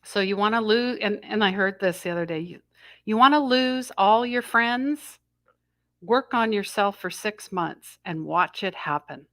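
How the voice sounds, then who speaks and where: A woman's voice: medium pitch, a little slow, fairly bright tone, no echo, clean studio sound. A middle-aged woman hosting a live spiritual energy update, rambling and breaking off mid-sentence as she passes on messages she says she hears. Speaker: intuitive astrology host.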